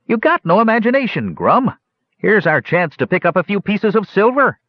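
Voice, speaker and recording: A man's voice: high voice, big pitch swings, moderate pace, no room sound, lo-fi sound, voice pushed up. A man reading an audiobook, voicing a greedy, mocking goblin soldier with a harsh voice. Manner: mocking, scheming. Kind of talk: audiobook character voice.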